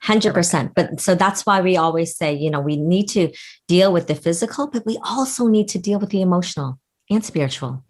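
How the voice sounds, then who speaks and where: A woman's voice: fairly low pitch, expressive, brisk, darkish tone. A woman co-hosting a wellness podcast, talking in a casual, affirming and explanatory way. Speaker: podcast co-host.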